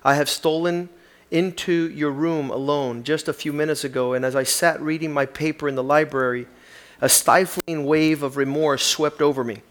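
A man's voice: on the high side, fairly even intonation, moderate pace, a bit bright. A man preaching a sermon, reading aloud with rising emphatic passion.

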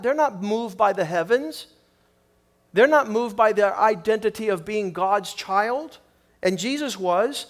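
A middle-aged man preaching a sermon with animated, quick bursts and repeated words. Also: extremely high pitch.

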